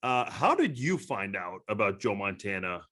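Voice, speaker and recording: A man's voice: on the low side, very animated, normal speed, fairly bright tone. A man hosting a podcast, asking casual interview questions. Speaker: podcast host.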